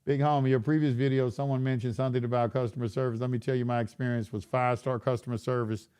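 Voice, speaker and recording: A man's voice: medium pitch, flat delivery, fast, darkish tone, clear, resonant tone. A man hosting a live stream, reading chat questions and answering them in a blunt, lecturing way with casual slang, often repeating himself.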